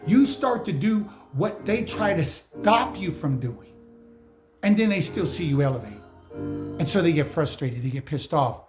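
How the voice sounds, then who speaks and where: A man's voice: fairly high pitch, sing-song, measured pace. A man giving an emphatic, slangy motivational monologue on spiritual matters, lecturing his viewers directly. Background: music playing behind.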